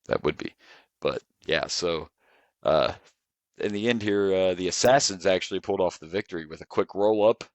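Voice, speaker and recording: Deep-voiced man in relaxed chat. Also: normal speed, no echo, highs cut off. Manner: relaxed, rambling, chuckles often. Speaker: podcast co-host reviewing wrestling. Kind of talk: casual chat.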